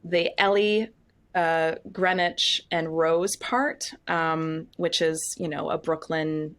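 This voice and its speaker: A woman in her thirties chats candidly as an interview guest, with a slightly low-pitched voice. She tells her stories with animation, acts out the voices of others, and laughs often. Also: fairly even intonation, slow, a bit bright. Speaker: guest, Broadway actress.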